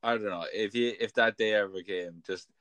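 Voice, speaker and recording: A man's voice: lowish voice, fairly even intonation, normal speed, fairly bright tone, smooth, dry recording. A young man hosting a podcast, chatting casually and laughing often as he tells funny anecdotes. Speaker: podcast host. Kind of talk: casual chat.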